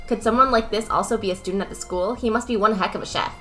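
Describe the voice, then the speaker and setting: A woman's voice: mid-range voice, fast talker, few pauses, fairly bright tone, faint music behind. A young woman streamer reading a game's text aloud, casual with joking asides.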